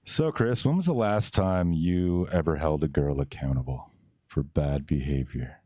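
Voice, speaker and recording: Deep-voiced man, blunt podcast host. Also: unhurried, dark tone, slight background noise. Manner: blunt, crude, rambling asides. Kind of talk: casual reaction commentary.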